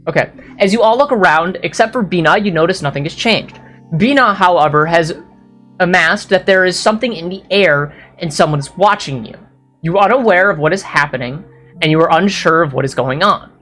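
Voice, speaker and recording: Low-voiced woman game master. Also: a little fast, a bit bright, soft background music. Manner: descriptive, apologetic asides, some slips. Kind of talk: narrating a tabletop game.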